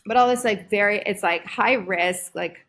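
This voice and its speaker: A woman in her thirties talking casually as a podcast guest, animated, with lots of "like" and "um". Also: medium pitch, moderate pace. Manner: animated, full of fillers like "like" and "um". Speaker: guest, performer and creative director.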